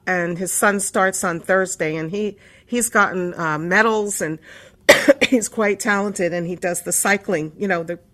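A woman's voice: on the low side, a little slow, a bit bright. A woman hosting a call-in radio talk show. She chats casually, rambles and laughs often, and sounds a little winded and out of breath. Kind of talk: casual on-air chat.

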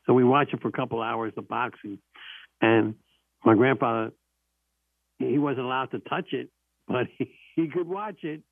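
A man's voice: mid-range voice, moderate pace, long pauses, no room sound. A man hosting a call-in show, telling stories and running a quiz, with emphatic repetition. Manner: emphatic, repeats key phrases. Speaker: radio call-in host. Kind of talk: casual storytelling and quiz hosting. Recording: narrow phone-like sound, dry.

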